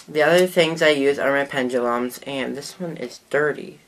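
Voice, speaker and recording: A woman's voice: sits low, moderate pace, hardly any pauses, slight background noise. A woman vlogger in a casual show-and-tell talk to the camera, chatty and rambling, often trailing off mid-sentence.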